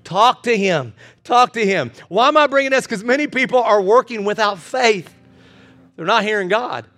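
A man preaching a sermon as pastor, building with repeated phrases and ending soft in prayer. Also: high-pitched, animated, moderate pace.

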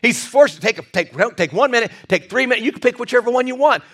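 A male pastor preaching a lively sermon with jokey asides and repeated restarts. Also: extremely high pitch, quick pace.

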